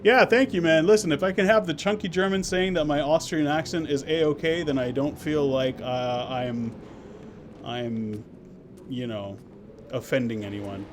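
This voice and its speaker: A man's voice: fairly high pitch, fairly even intonation, unhurried, a little hiss or hum. A man streaming a game live, chatting playfully and answering his viewers as he plays. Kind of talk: live-stream gameplay commentary.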